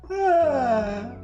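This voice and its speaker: Woman host, giggly chatty storyteller, slangy, roomy sound with soft music behind. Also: a little high, lo-fi sound. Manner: laughing storyteller, loose slangy talk. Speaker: trading livestream host. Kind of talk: casual chat while trading.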